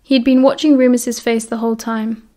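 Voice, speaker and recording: A woman's voice: on the high side, flat delivery, fairly quick, mellow. British woman reading an audiobook aloud. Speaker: audiobook reader. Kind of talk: audiobook narration.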